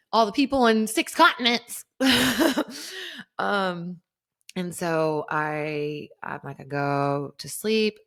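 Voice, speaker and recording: A woman hosting a podcast, telling a personal story in a candid, casual way, swearing freely and laughing through it. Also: low-pitched. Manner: candid, swearing, laughing, animated when reliving a scare. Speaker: podcast host.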